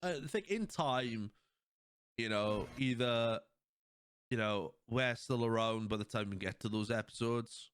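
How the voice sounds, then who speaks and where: Speaking a little slowly in a clear, resonant, medium-pitched voice, a man hosts a podcast in a dry recording. His casual episode recap is animated, full of laughter and acted-out quotes from the scenes.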